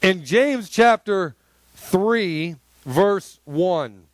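A male pastor preaching a sermon in an emphatic, conversational way with sudden loud bursts. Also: sits high, animated, very slow, no echo.

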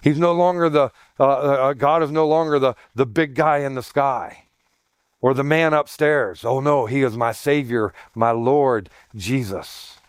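A man's voice: mid-range voice, unhurried, smooth, no room sound, studio quality. Emphatic middle-aged man preaching. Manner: emphatic, repeats points, folksy asides. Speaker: pastor. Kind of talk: conversational sermon.

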